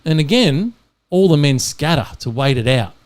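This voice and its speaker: A man's voice: on the high side, sing-song, normal speed. A man hosting a podcast, telling jokes animatedly and acting out the characters. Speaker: podcast host. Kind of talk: casual podcast joke telling.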